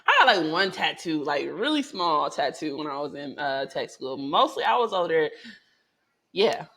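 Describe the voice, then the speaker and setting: A woman vlogger telling a personal story in a lively, chatty way, with lots of swearing and big swings in pitch and volume. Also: normal speed. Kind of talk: casual storytelling to camera.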